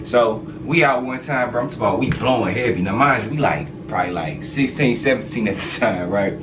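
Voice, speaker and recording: A man's voice: mid-range voice, brisk, recorded from a distance, music in the background. Slangy man telling a street story. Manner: slangy, animated retelling with many fillers. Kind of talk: casual storytime monologue.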